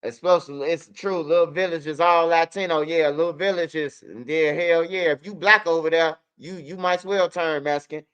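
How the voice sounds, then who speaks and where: A man from Chicago with a Chicago accent, telling street stories casually in an animated, profane way and acting out what others said. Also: a little high, normal speed, few pauses, smooth, dull audio. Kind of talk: casual storytelling.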